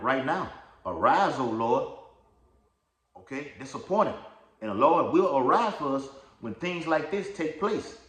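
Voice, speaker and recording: A man preaching informally, with a fairly low voice and a loose, rambling delivery, often checking in with his listeners. He stops to read verses aloud. The room around him sounds echoey. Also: fairly bright tone. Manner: rambling, repeats "all right?" and "okay?", reads scripture aloud. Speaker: lay preacher. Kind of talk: informal religious teaching video.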